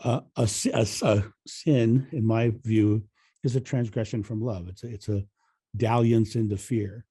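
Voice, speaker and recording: A man's voice: on the low side, steady tone, moderate pace, warm tone, breathy edge. A man co-hosting a spiritual podcast, talking casually, laughing easily and repeating phrases. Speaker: podcast co-host.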